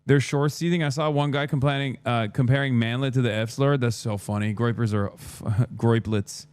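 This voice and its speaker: Man, streamer, sarcastic, crude, mid-pitched, dry close sound. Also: steady tone, darkish tone, clean tone, no echo. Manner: sarcastic, crude, rapid rants. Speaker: political streamer. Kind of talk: live-stream commentary.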